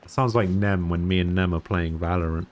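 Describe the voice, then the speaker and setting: A man's voice: sits low, steady tone, normal speed, slight background noise. A man streaming a game, chatting in a rambling, casual way while yawning and tired. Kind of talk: casual gameplay commentary.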